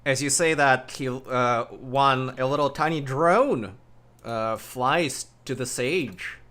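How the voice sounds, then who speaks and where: A man narrating as game master, with expressive, animated delivery and quick asides. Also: mid-range voice.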